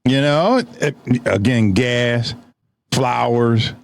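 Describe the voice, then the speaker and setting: A man's voice: mid-range voice, very slow, creaky, no room sound. A man in a casual podcast debate who talks bluntly and fills his speech with "you know" and "I mean.". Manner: blunt, agreeable, lots of filler.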